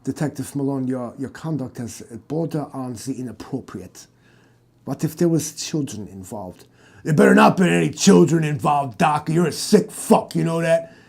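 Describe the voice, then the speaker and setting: A man voicing a brash, loud tough-guy cop who talks in a cocky, bullying way and keeps calling the other man "Doc". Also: a little high, moderate pace, vocal fry, hardly any pauses. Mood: mocking.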